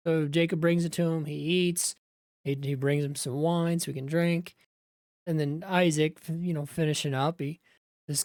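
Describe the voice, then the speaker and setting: A woman's voice: deep voice, fairly even intonation, normal speed, a little mellow, no echo, clean studio sound. A woman, a Bible teacher, retelling scripture in a conversational way, with asides to the viewer.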